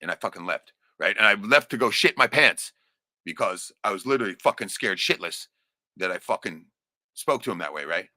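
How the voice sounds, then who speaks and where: A low-voiced middle-aged man tells a long, profane personal story in a loose, chatty way. His tone is bright and forceful, and the sound is dry and close, with little room echo. He laughs often and keeps tossing in "right?". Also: lively intonation, a little fast. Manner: laughs often while telling.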